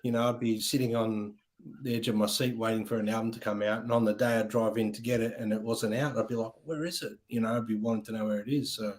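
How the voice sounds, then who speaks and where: A man's voice: fairly low pitch, little pitch movement, quick pace. A man hosting a casual music chat show, talking with enthusiasm and rambling with many ums. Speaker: podcast host.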